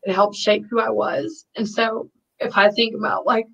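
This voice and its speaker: A woman hosting a video-call chat, chatty and quick to laugh. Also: medium pitch, fairly even intonation, vocal fry. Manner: warm, laughs often, chatty. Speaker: host. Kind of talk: casual chat. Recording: slightly dull audio.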